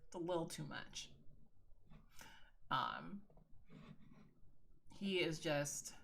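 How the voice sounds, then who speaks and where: Woman livestreamer, lowish bright tone, frank chatty delivery, swears freely, addresses viewers as girl. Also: big pitch swings, extremely slow, creaky, a little hiss or hum. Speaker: livestreaming video creator. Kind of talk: casual livestream chat.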